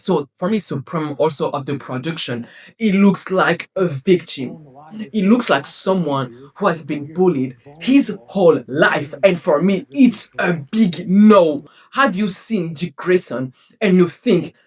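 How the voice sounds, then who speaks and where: Her voice has a breathy edge as this vlogger rants casually to camera about a TV series. Exasperated and passionate, she alternates between loud outbursts and quiet mutters.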